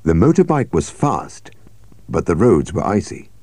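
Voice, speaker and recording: A man narrating a story with a measured, expressive reading. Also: low voice, no room sound. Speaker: audiobook narrator.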